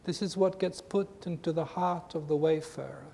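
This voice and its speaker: A man giving an earnest spiritual talk to a group, with emphatic, repetitive phrasing, recorded in a reverberant hall with a faint rumble. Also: moderate pace, gravelly, mellow. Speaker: spiritual teacher.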